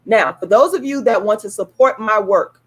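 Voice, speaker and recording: A woman's voice: mid-range voice, normal speed, husky. A woman ranting on a livestream, heated and indignant, swearing and repeating herself as she promotes her own show. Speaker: YouTube live streamer promoting her own play. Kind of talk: angry livestream rant, then ticket promotion.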